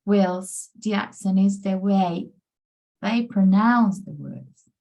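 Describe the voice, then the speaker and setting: A woman's voice: mid-range voice, slow, dark tone. A woman from Peru, presenting a pronunciation workshop over a video call in an upbeat, encouraging way. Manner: upbeat, encouraging, often says amazing and brilliant. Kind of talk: online presentation.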